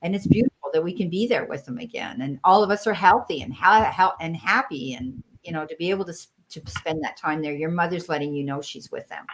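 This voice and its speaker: A woman's voice: fairly low pitch, brisk, hardly any pauses, a little hiss or hum. An American woman hosting a live-stream tarot reading, reassuring and affectionate, calling listeners sweetheart and honey. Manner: warm, reassuring, calls viewers sweetheart and honey. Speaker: tarot reader and medium, live stream host.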